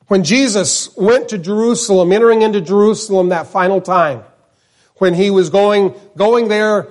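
A man, preaching a sermon in church in an earnest, conversational way. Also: high-pitched. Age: 50s. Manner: earnest, conversational, repeats names for emphasis. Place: church, in front of the pulpit.

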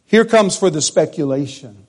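A man preaching a sermon as pastor, repeating phrases and swinging between loud emphasis and hushed speech. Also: on the high side, lively intonation, normal speed.

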